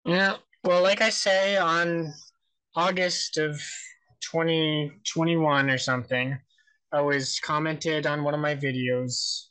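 A man speaking casually as a podcast guest, in an easygoing, halting way with frequent restarts. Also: a little high, steady tone, bright, forceful tone, smooth, poor audio.

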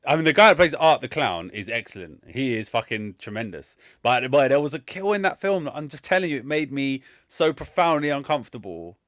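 A man co-hosting a film review podcast, talking in a profane, excitable way with loud outbursts. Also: medium pitch, brisk, hardly any pauses, no echo, clean studio sound. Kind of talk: casual chat.

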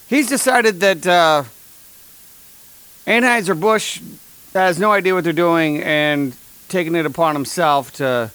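A podcast host with a fairly high voice delivers a comedic monologue, ranting in a dry, sarcastic, deadpan style and drifting into mock sponsor reads.

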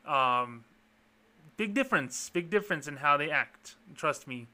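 A man's voice: a little high, lively intonation, unhurried, pushed and bright. A man hosting a podcast in a blunt, sarcastic, profane ranting style. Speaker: podcast host.

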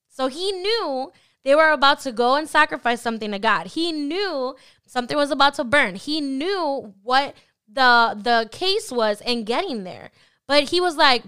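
Bright, clear-voiced woman podcast host. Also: high voice. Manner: animated, acts out imagined thoughts in quotes. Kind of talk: casual faith talk.

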